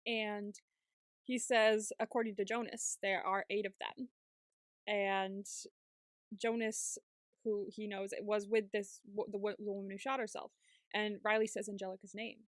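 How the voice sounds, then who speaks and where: Here a woman co-host recaps a TV episode on a podcast, speaking a little slowly in a mid-range voice with little pitch movement. It's casual banter, with her voicing the characters' lines and laughing frequently, recorded cleanly in a studio without room sound.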